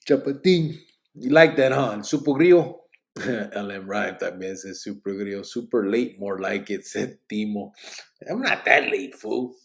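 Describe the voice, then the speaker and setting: A man's voice: fairly low pitch, moderate pace. A man, hosting a late-night live podcast, reading viewer comments aloud in a laid-back, joking way and mixing in Spanish slang, sounding sleepy and yawning. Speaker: livestream podcast host.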